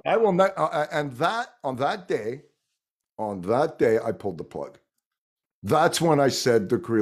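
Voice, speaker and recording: A middle-aged man with a Montreal accent whose first language is French, talking in a casual chat, animated and swearing freely. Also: medium pitch, moderate pace. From Montreal, Quebec. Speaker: guest musician.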